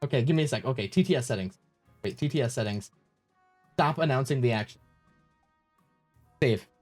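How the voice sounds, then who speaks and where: A man's voice: medium pitch, fairly quick, soft background music. A man live streaming, flustered and rambling as he fiddles with his stream settings and thanks viewers.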